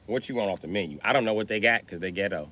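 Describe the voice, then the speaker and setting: A man chatting casually on a livestream, telling animated, profane stories with frequent laughter. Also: on the low side, rapid-fire.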